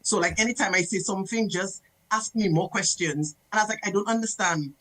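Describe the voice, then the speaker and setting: Brief: woman, guest emcee on radio, animated raconteur who plays every character in her anecdotes, mid-range voice. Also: medium pitch, fairly quick, rough recording. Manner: lively, acts out dialogue in the story. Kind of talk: radio interview storytelling.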